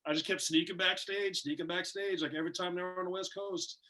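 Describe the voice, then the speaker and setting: Lively, bright-voiced man telling stories. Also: high-pitched, quick pace. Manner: animated, swearing, laughs through his stories. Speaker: wrestler guest. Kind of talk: casual storytelling in a shoot interview.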